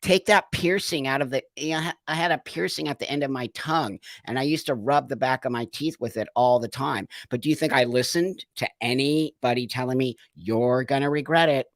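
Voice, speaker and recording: A man's voice: medium pitch, fairly quick, hardly any pauses, no echo. A man in his sixties hosting a live stream, talking emphatically and reading viewers' comments. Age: 60s. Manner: emphatic, conversational, acts out quoted voices, laughs. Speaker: host.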